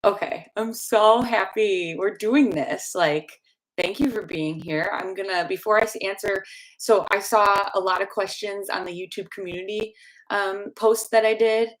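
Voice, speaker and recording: A woman's voice: medium pitch, moderate pace. A young woman from the Chicago area with a Chicago accent, chatting casually and rambling with restarts as she hosts a livestream Q&A. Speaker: dental hygiene channel host. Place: home room with space heater.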